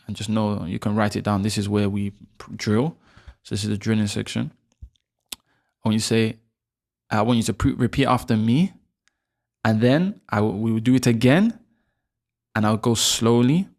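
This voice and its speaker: A man's voice: medium pitch, gravelly. A man, patiently teaching the alphabet and repeating each sound for learners to copy. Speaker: Arabic teacher. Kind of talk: online alphabet lesson.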